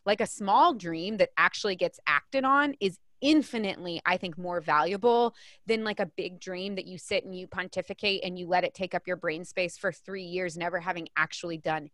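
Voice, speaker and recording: A woman, an author and coach, talking as a guest in a casual interview in an energetic, emphatic way, often restarting her sentences. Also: lowish voice, moderate pace, no room sound, clean studio sound.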